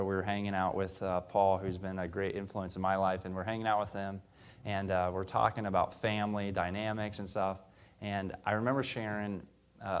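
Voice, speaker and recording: Very low-voiced young man preaching. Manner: earnest, conversational storytelling with fillers. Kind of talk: sermon. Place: church.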